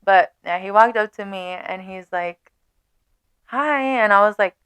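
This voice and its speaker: A young woman vlogger telling a dating story in casual chat, animated and swearing, laughing often. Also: medium pitch, normal speed, clean tone, dry recording.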